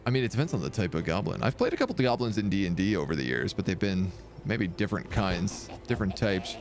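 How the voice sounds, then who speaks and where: Lively casual male game streamer. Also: sits low, fast, soft background music. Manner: casual, reads game text aloud. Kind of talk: live gameplay commentary.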